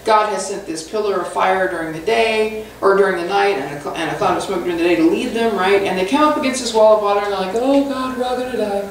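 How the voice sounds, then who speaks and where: A woman pastor preaching a conversational sermon with animated, humorous storytelling, recorded in a church sanctuary away from the mic. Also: mid-range voice, quick pace, hardly any pauses, a little hiss or hum. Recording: echoey hall from far off.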